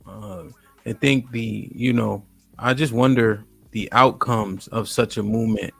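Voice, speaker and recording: Gravelly-voiced man hosting a podcast. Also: fairly low pitch, fairly even intonation, a little slow, a bit bright, soft background music. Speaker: podcast host. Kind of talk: casual podcast talk.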